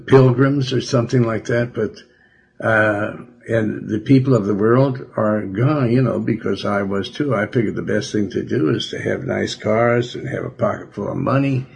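A man preaching on the radio, working through a Bible chapter in a halting way with many fillers, slowing down to stress key words. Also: mid-range voice, gravelly, darkish tone, husky.

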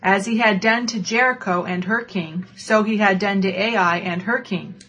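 Woman reading scripture, steady and plain, husky voice, lo-fi recording. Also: medium pitch, moderate pace. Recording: dull lo-fi recording.

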